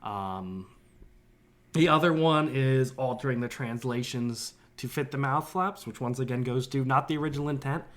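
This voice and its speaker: A man's voice: mid-range voice, normal speed, fairly bright tone. A man co-hosting a podcast who rambles in a loose, casual way. He laughs a lot and often lets his sentences trail off. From northern United States. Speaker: podcast co-host. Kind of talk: casual chat.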